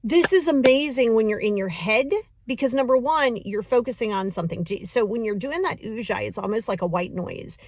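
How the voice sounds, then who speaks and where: A woman's voice: on the high side, a little mellow, a little hiss or hum. Chatty woman guiding a breathing exercise. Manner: encouraging, chatty, counts slowly. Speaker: breathing coach. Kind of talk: casual guided breathing lesson.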